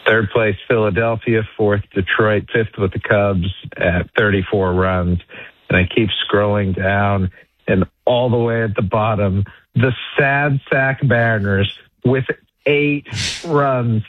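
A man's voice: fairly low pitch, fairly even intonation, slow, no room sound, narrow, tinny audio. A man talking baseball as a guest on a sports radio show, self-deprecating and packed with statistics, restarting his sentences often. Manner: self-deprecating, stat-heavy, frequent restarts. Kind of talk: casual sports radio chat.

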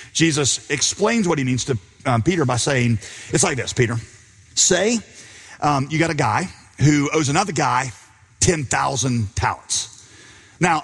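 A man's voice: mid-range voice, husky. A man preaching a sermon, telling a story and acting out its characters' lines. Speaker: pastor. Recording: long hall reverb.

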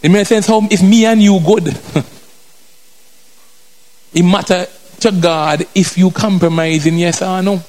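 A man's voice: high voice, steady tone, measured pace, long pauses, darkish tone. A male preacher giving an emphatic sermon with colloquial turns, repeating phrases and checking in with the congregation. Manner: drifts in and out of a colloquial vernacular.

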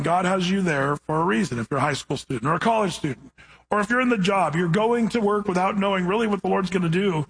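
A man preaching a sermon in a casual, storytelling way, reading scripture slowly and then chatting about it. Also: high voice, breathy edge. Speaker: pastor.

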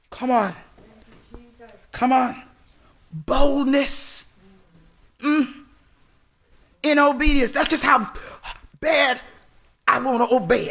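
A man preaching a fervent sermon, exhorting the church in call-and-response and often shouting. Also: extremely high pitch, gravelly.

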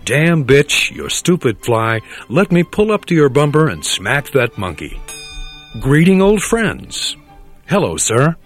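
A man's voice: fairly high pitch, big pitch swings, takes it slowly, soft background music, exaggerated voice. An actor playing a stuck-up, overly proper man in a comedic film sketch who repeats street slang. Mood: prim.

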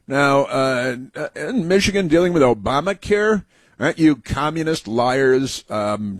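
A male talk radio host rambles through political commentary with a sneering, sarcastic edge. His voice sits at an everyday middle pitch. The sound is dry and close, with no room around it. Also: lively intonation, a little slow, no echo.

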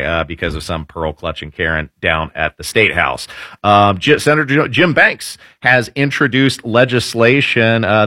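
A man's voice: medium pitch, a bit bright, dry recording, clean studio sound. A man hosting opinionated political news commentary, sarcastic and full of hesitant fillers.

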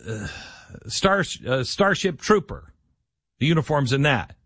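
A man's voice: on the high side, expressive, a little slow, pauses often, fairly bright tone, husky, no room sound, studio quality. Sarcastic man rambling at his computer. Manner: sarcastic, rambling, with frequent restarts. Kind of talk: casual commentary monologue. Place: dry room at his computer.

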